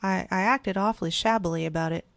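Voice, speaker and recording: A woman's voice: on the low side, fast talker, creaky, dry recording. A woman voicing a shy, embarrassed schoolboy who stammers in a storybook. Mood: flustered. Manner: flustered, stammering.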